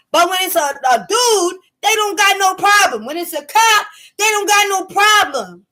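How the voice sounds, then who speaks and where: A vlogger rants to the camera while telling a story, her voice high and bright. She speaks at a moderate pace, casually and animatedly, with heavy emphasis as she acts out the scene.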